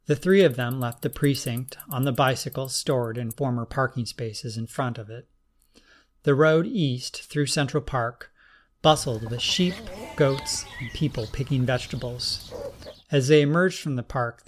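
A man narrating a novel as an audiobook in a steady, even storytelling manner. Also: mid-range voice, normal speed. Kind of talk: scripted narration.

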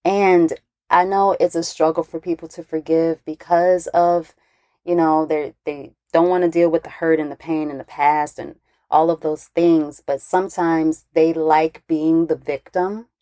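A woman's voice: low-pitched, flat delivery, unhurried, mellow, no echo, clean studio sound. A woman hosting a faith talk interview, effusive and encouraging toward her guest. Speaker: interviewer host.

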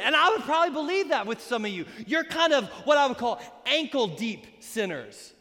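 A man pastor preaching an energetic, joking sermon at a baptism, sometimes bursting into shouts. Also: extremely high pitch, moderate pace, few pauses. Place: church sanctuary during a baptism. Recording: echoey hall.

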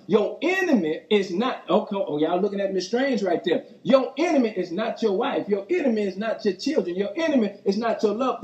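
A man's voice: high voice, darkish tone, roomy sound, rough recording. A man a sermon with call-and-response, repeating key lines for emphasis. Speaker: pastor.

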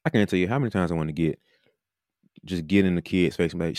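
A man's voice: low-pitched, quick pace, darkish tone, dry recording, clean studio sound. A man, a podcast host and coach, talking casually and animatedly, now and then mimicking coaches mid-sentence. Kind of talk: casual monologue.

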